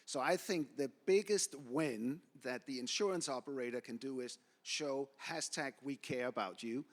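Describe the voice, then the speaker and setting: A man's voice: medium pitch, moderate pace. A man speaking on an industry panel, blunt and opinionated, driving his points home with anecdotes. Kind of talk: panel discussion.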